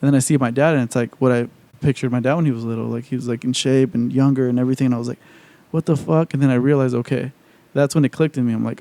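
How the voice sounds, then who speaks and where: A man's voice: mid-range voice, fairly even intonation, quick pace, dark tone, no room sound. A man co-hosting a podcast in casual chat, rambling with lots of profanity, fillers and restarts. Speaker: podcast co-host.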